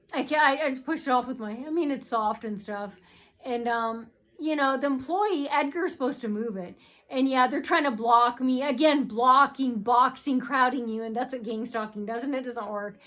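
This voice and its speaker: A woman with a fairly high voice talks straight to her vlog audience. She rambles and circles back to the same complaints again and again. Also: a bit bright. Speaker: vlogger.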